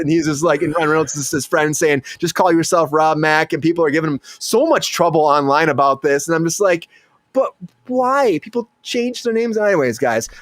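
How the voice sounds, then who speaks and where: A man's voice: on the high side, a bit bright, no room sound, studio quality. A man hosting a live comedy entertainment news show, chatty and upbeat, sing-songing his greetings. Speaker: host. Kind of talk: casual live comedy chat.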